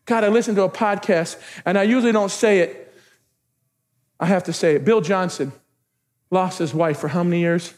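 A male pastor preaching a sermon with passion, moving from quiet, intimate talk to shouted exhortation and repeating phrases. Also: high voice, normal speed, pauses often. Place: church sanctuary. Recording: long church hall reverb.

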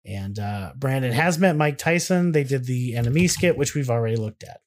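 A man's voice: medium pitch, expressive, moderate pace, darkish tone. A man co-hosting a podcast in casual chat, rambling with restarts and laughing easily. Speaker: podcast co-host.

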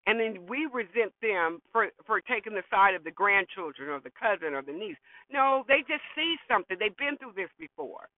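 A woman's voice: medium pitch, lively intonation, normal speed, few pauses, no echo. Woman, middle-aged, host, motivational monologue, blunt, repetitive, dry sound, tinny lo-fi audio. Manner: blunt, preachy, repeats for emphasis.

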